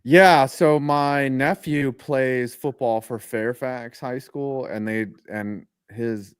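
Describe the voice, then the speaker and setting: A man's voice: mid-range voice, steady tone, slow pace, clean tone, no room sound, studio quality. A man co-hosting a casual sports podcast, telling laid-back stories with plenty of swearing. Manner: laid-back, profane, storytelling asides. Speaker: podcast co-host.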